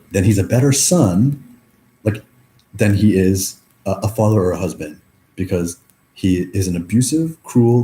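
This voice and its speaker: A man's voice: on the low side, mellow. A young man in a reflective personal monologue, rambling through many fillers and swearing freely. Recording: echoey room.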